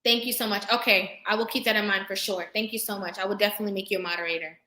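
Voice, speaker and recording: A young woman hosting a live stream, talking emphatically and preaching to her viewers, pausing now and then to thank them for their comments. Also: mid-range voice, steady tone, sharp tone. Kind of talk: impassioned live-stream talk. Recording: roomy echo.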